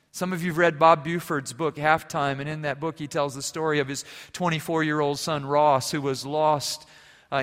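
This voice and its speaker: A man preaching a sermon as pastor, swinging from loud emphasis to quiet, intimate passages. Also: a little high. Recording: long reverb of a large hall.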